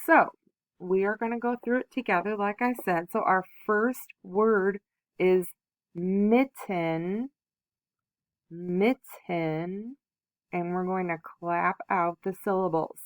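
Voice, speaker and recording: A woman's voice: mid-range voice, fairly even intonation, moderate pace, no echo. A woman teaching young children a phonics lesson, patiently sounding out letters and syllables.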